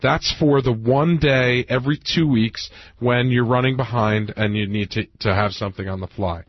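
A man's voice: mid-range voice, normal speed, dry recording. A man co-hosting a talk radio show in casual chat, dry and wisecracking. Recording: dull, dry radio broadcast.

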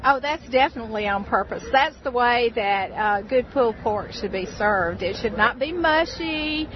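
A woman's voice: a little high, animated, moderate pace. A woman with a Mississippi Southern accent, chatting casually in an interview about her husband's restaurant. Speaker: restaurant owner's wife, interviewee. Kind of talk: casual interview at a food festival. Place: outdoor festival crowd. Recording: muffled radio recording amid crowd.

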